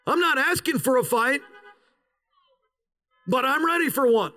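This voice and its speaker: A pastor in his fifties from the United States preaches in a high, bright, sharp-edged voice, swinging his pitch widely. He bursts into shouts, then slows to a drawn-out crawl to drive each point home. Faint music sits behind the rough recording.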